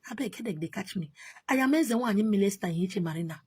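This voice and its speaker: In a mid-range, darkish, breathy voice, the woman with a Nigerian accent talks fast and animatedly. A spiritual teacher, she gives an exasperated, emphatic casual monologue that keeps returning to the same points.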